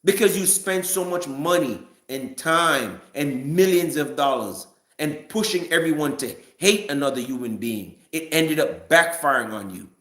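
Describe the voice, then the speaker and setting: A man's voice: a little high, lively intonation, measured pace, a bit bright, echoey room. A man giving a casual, rambling opinion rant to a live chat, stumbling and restarting often. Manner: rambling, frequent restarts and stammers. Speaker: live-stream commentator.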